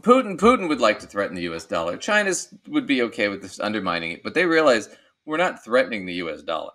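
A male podcast co-host reacting to a clip with sarcastic jokes and easy laughter. His voice is fairly low but bright and forward. His talk is loose and conversational. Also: very animated, fast talker. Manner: joking and sarcastic, laughs often. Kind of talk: casual commentary on a video clip.

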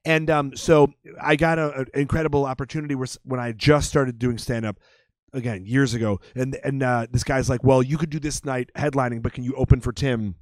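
A man from Chicago, a comedian guest, chatting with jokey, excitable asides. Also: medium pitch, a little fast, no room sound. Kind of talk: casual chat. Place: comedy club room.

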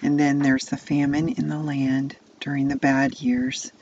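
Woman narrator for kids' Bible story, slow, gravelly, dull lo-fi sound. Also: a bass voice, little pitch movement, darkish tone, slight background noise. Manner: second-person immersive storytelling. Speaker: children's storyteller. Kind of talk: telling a Bible story to children.

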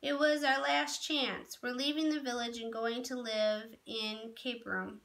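A woman reading the part of a scornful, bitter teenage boy in a storybook tale, his voice pitched fairly high and slow, with a bright, forceful edge to it. He sounds intense and resentful from line to line. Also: fairly even intonation, gravelly.

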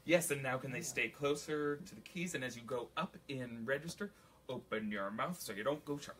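A man's voice: mid-range voice, normal speed, over loud music. A man teaching a flute masterclass to an audience, singing rhythms on syllables, counting aloud and joking as he coaches. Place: recital room with an audience.

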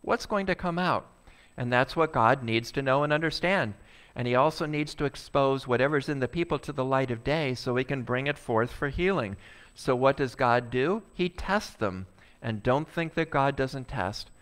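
A male pastor preaching a sermon, animated and acting out a complaining crowd. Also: medium pitch, moderate pace, clean tone.

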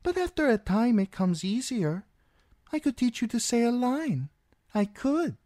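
A high, coy young girl from a storybook reading, sweet on the surface and sly underneath, her phrases swinging up and down, as a male narrator puts her on. The read is close and dry. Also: very animated, measured pace, dark tone, no echo, heavily acted. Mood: coaxing.

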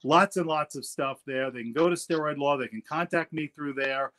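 A man's voice: on the high side, normal speed, fairly bright tone. A middle-aged man, an attorney guest, telling stories in casual interview talk and often repeating words as he goes.

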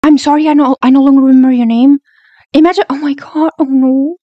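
A young woman hosting a reaction video, talking back at the screen, excitable and swearing freely. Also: high voice, fast talker, lo-fi sound. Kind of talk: casual reaction commentary.

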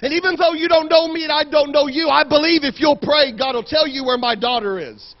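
A man's voice: very high voice, brisk, dull audio, voice pushed up. A man preaching, voicing a frantic father who urgently pleads for prayer. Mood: pleading.

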